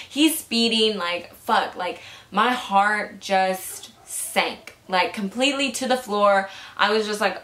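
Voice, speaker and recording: A woman's voice: medium pitch, fairly even intonation, moderate pace, fairly bright tone. A young adult woman vlogger telling a story in a casual, chatty way. She swears freely and fills her sentences with "like". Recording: echoey room.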